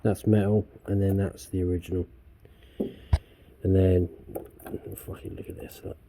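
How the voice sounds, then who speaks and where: A man's voice: deep voice, little pitch movement, normal speed, warm tone, slight background noise. A man restoring a car in his workshop vlog, ranting angrily with heavy swearing. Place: garage workshop.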